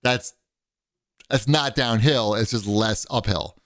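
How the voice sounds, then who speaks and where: A man chatting casually as a podcast co-host, spinning a long rambling story and jumping up in pitch whenever he acts out what someone else said. His voice sits at a middling pitch, and the recording is close and dry with no room sound. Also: slow, no room sound. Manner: rambling storyteller, animated when quoting others. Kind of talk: casual chat.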